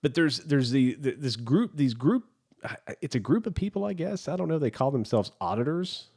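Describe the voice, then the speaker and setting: A man's voice: mid-range voice, lively intonation, fairly quick, a little mellow, slightly rough. A man co-hosting a podcast, telling a long story in casual chat with lots of restarts and asides. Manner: rambling storyteller with restarts and laughs. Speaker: podcast co-host.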